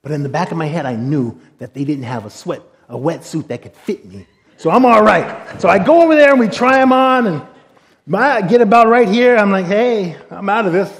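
A middle-aged man with a high-pitched voice, telling a story from the pulpit. His delivery is animated and jokey, and he acts out the other people's lines. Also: fairly quick. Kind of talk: storytelling sermon.

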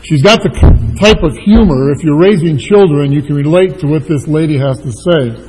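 A man's voice: fairly high pitch, moderate pace, in a large hall, noisy background. A man pastoring a church, giving an informal sermon with many fillers. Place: church sanctuary.

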